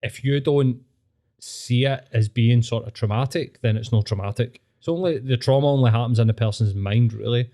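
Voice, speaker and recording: A Scottish man with a Glaswegian accent co-hosts a loose podcast chat, blunt and quick to swear. His voice is mid-pitched and dark, with a mellow, relaxed tone. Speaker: podcast co-host. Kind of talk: casual chat.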